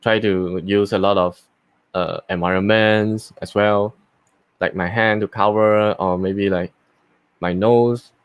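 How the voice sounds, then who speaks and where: A voice actor, a man, casually explaining his voice techniques in an unhurried way with many fillers and restarts. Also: on the low side, fairly even intonation, clear, resonant tone, no room sound, highs cut off. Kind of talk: casual live talk and voice demo.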